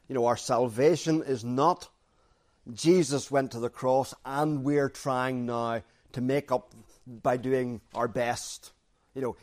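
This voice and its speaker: A man preaching a sermon, repeating key phrases for emphasis and moving from loud stresses to quiet, intimate asides. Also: mid-range voice.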